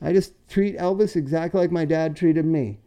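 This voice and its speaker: A middle-aged man hosting a casual chat, telling loud, profane, animated road stories. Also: fairly high pitch, normal speed, clean tone. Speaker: podcast co-host.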